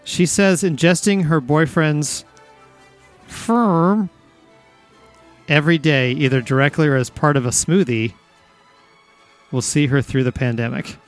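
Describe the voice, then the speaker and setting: A man hosting a casual comedy podcast, with a teasing, deadpan delivery. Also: fairly high pitch, moderate pace, soft background music. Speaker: podcast host.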